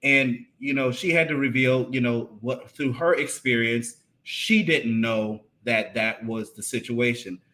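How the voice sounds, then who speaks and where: A man co-hosting a marriage podcast, talking in an animated, casual way and often repeating and restarting his phrases. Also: medium pitch, unhurried, hardly any pauses. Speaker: podcast co-host. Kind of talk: casual conversation about marriage.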